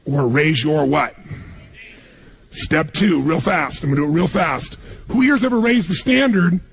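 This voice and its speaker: A man giving a motivational seminar talk on stage, energetic and punchy, firing questions at a live audience. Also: fairly high pitch, a little slow, gravelly, breathy edge, faint music behind. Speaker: motivational speaker.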